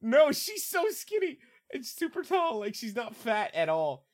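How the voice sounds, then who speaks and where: A man's voice: extremely high pitch, very animated, unhurried. A young man, a podcast co-host, telling stories in casual chat while laughing and swearing a lot.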